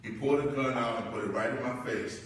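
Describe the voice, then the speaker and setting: A man's voice: fairly even intonation, fast, a little hiss or hum. Preacherly man speaking in an echoey hall. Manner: preacherly, swells loud and high when building up. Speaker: parent giving a graduation speech. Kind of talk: commencement speech with personal stories. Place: large hall or church. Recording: echoey hall, distant mic.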